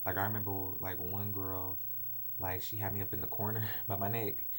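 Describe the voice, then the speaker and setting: A man's voice: deep voice, level tone, brisk, slight background noise. A man telling a personal story to his phone camera in a casual, rambling way, full of "like" fillers and acting out the voices of the people in it. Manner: rambling, lots of "like" fillers, acts out voices in stories. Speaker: vlogger.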